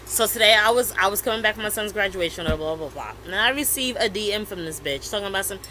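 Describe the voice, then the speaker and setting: Bright-voiced woman telling a lively story. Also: mid-range voice, fast talker, hardly any pauses, slight background noise, poor audio. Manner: animated storytelling, acts out quoted messages. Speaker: podcast co-host. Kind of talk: casual chat.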